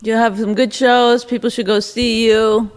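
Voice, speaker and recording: A woman's voice: fairly high pitch, little pitch movement, unhurried. Teasing dry-humored woman. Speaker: podcast co-host. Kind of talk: casual chat.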